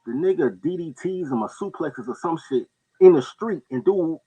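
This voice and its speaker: A man spins a street story with a lively, swooping delivery, his voice husky and a little raised in pitch. He tells it casually and acts out the people in it along the way. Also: moderate pace, low-quality recording. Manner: animated storyteller, jumps into high-pitched voices for others. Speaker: podcast co-host telling stories.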